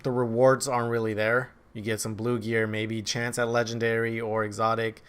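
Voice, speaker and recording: A man talks through his opinions of a video game in a loose, chatty vlog. He rambles, corrects himself and pokes fun at himself as he goes. His voice sits at an ordinary middle pitch. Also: little pitch movement, moderate pace, fairly bright tone, clear, resonant tone. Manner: rambling, self-deprecating, offhand. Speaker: gaming video creator. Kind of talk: casual game review vlog.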